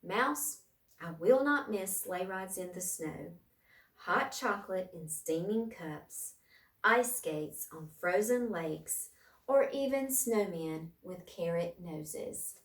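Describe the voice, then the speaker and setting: A woman voicing a big, sleepy, gentle male bear in a storybook read-aloud, with a slow, drowsy drawl. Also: lowish voice, lively intonation. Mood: tender. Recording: roomy, far from mic.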